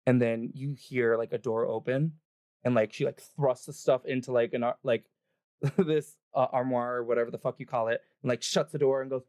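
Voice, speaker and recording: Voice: mid-range voice, steady tone, moderate pace, a little mellow, no room sound, clean studio sound. A game master narrating a livestreamed tabletop session in a loose, chatty way full of fillers. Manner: casual, filler-heavy narration with laughs and swearing. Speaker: dungeon master.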